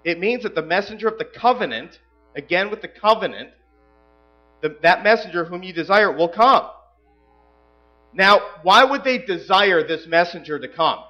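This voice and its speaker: A man preaching a sermon as pastor, emphatic, swinging between loud passages and hushed asides. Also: high voice, animated, moderate pace, highs cut off, faint music behind.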